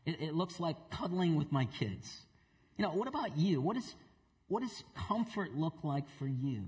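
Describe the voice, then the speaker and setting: Earnest pastor, slightly high voice, reverberant hall. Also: male voice, sing-song, moderate pace, a little mellow. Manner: earnest, repeats words for emphasis, asks the congregation questions. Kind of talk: sermon with opening prayer. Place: church sanctuary.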